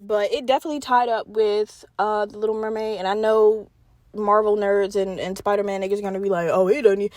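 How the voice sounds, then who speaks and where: A woman's voice: medium pitch, fairly even intonation, a little fast, darkish tone, no echo, studio quality. A young woman hosting her own podcast, chatting casually and profanely, straight to her listeners. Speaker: podcast host. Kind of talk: casual solo chat.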